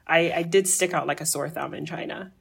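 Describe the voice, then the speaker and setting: Husky-voiced woman telling lively stories. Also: sits low, fairly quick. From Jamaica. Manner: animated, acts out voices in her anecdotes. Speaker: podcast guest. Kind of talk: casual storytelling interview.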